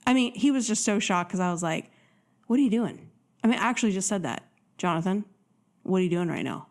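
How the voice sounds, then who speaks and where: A woman's voice: medium pitch, a little fast. A woman hosting a dating podcast, talking casually and with energy, acting out quoted voices. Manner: animated, acts out quoted voices. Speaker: dating coach podcast host. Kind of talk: casual motivational monologue.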